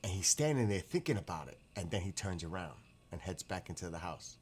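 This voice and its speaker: A man's voice: sits low, a little fast, slight background noise. A man hosting a casual livestream, chatting and reacting to viewer comments with frequent exclamations. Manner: excitable, frequent exclamations and laughter. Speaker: livestream host.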